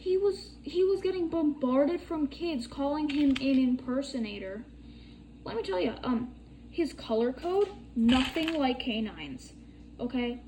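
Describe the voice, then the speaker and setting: A woman's voice: high-pitched, expressive, measured pace, noisy background. A young woman chatting casually while demonstrating a bead craft, rambling and swearing freely. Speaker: crafting tutorial vlogger.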